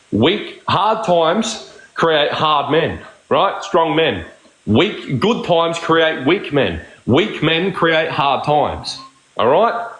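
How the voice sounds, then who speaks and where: A man's voice: a little high, fairly bright tone, echoey room, rough recording. A man ranting on a live stream, combative and swearing constantly. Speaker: livestream streamer. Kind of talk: heated live-stream argument.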